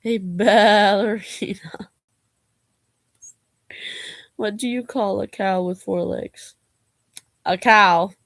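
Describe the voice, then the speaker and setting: A woman's voice: mid-range voice, steady tone, very slow, long pauses, fairly bright tone, dry recording. A young woman vlogger reading jokes aloud in a casual way, laughing and groaning at them and adding slangy asides.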